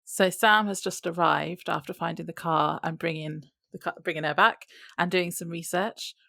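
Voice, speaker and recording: Low, gravelly-voiced woman podcast co-host. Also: fairly even intonation, normal speed, bright, forceful tone, no room sound, clean studio sound. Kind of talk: casual episode recap.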